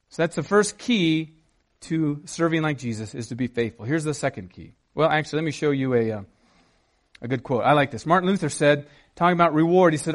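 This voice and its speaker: Guy preaching a sermon, high voice, acts out the story and yells the quotes. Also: fairly quick. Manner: animated preaching, acting out scenes and shouting quotes. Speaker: pastor.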